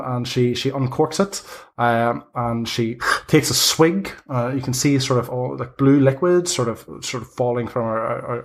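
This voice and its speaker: A man narrating as game master in a tabletop game. He lays out the scene in a halting, unhurried way, stopping often and restarting his phrases. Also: medium pitch. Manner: halting, many ums and restarts.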